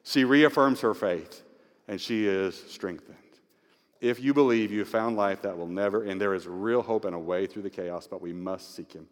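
Emotional pastor preaching in a reverberant hall. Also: male voice, fairly low pitch, moderate pace. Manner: emotional, swings from hushed to near-shouting. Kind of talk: Easter sermon with scripture reading.

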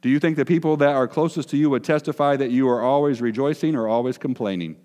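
A man's voice: mid-range voice, fast talker, a little mellow. A man preaching a conversational sermon, chatty and quizzing his congregation with self-deprecating asides. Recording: long hall reverb.

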